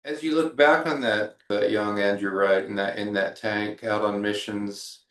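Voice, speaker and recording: Male interviewer, low steady monotone, reflective questions, echoey room. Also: measured pace. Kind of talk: oral history interview questions.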